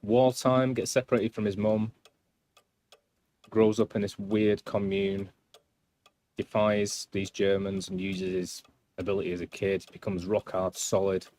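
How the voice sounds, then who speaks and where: A man, streaming a game and chatting casually. His voice sits low, and his talk rambles from one aside to the next with a self-deprecating edge. Faint ticking plays quietly in the background. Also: steady tone, measured pace, a little hiss or hum. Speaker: live streamer. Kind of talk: casual gameplay commentary.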